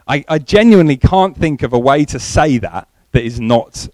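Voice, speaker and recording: A man preaching a sermon, in a conversational way, often repeating words and pausing. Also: medium pitch, lively intonation, darkish tone, no echo, poor audio.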